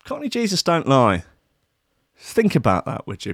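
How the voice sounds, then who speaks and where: A man's voice: mid-range voice, huge pitch swings, moderate pace, dry recording, clean studio sound. A man hosting a radio show, talking in a rambling, sweary, comic way with trailing asides.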